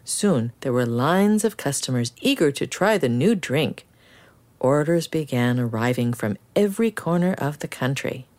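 A woman reading a children's picture book aloud in an expressive, animated storytelling style. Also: a bass voice, moderate pace.

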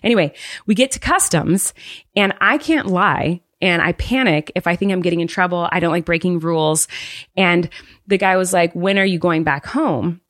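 A woman co-hosting a podcast, telling a story in a casual chat, with many "likes" and lively acted-out voices. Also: lowish voice, no room sound, clean studio sound. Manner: animated storyteller, fast, lots of "like", acts out voices. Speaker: podcast co-host.

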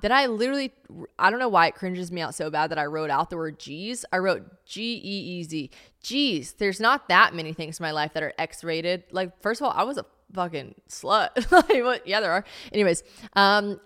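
A woman's voice: lowish voice, animated, moderate pace, fairly bright tone. A woman in her late twenties hosting a casual solo podcast, chatty and self-mocking, swearing freely as she talks. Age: late 20s. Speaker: podcast host.

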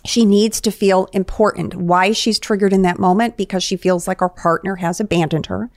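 A woman therapist talks through relationship patterns in a measured, explanatory manner. Her voice sits at a middle pitch and is recorded close and dry, with no room sound. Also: steady tone, dry recording. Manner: explanatory, analytical. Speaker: therapist guest. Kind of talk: podcast conversation.

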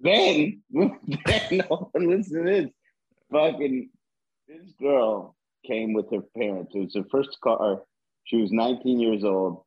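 A man co-hosting a casual podcast chat, an animated storyteller with a husky voice who swears freely. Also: medium pitch, measured pace, dull audio.

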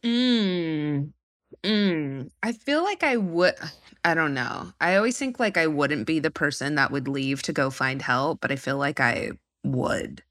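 A woman's voice: low-pitched, lively intonation, measured pace, fairly bright tone. A woman who is a podcast guest, chatting casually and laughing often as she trails off mid-sentence. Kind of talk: casual chat.

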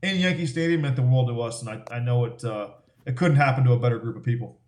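A man's voice: mid-range voice, fast talker, darkish tone, reverberant. A middle-aged former ballplayer telling stories as a podcast guest, swearing freely and laughing as he talks. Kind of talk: casual storytelling, profane.

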